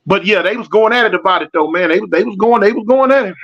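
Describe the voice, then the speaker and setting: A middle-aged man chats loosely on a livestream, calling out viewers by name and pleading for likes in easy street slang. His voice sits high for a man. The sound is a bit dull and lo-fi. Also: quick pace, a bit bright. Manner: reads out viewer comments and begs for likes. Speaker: livestream host. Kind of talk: casual livestream chat.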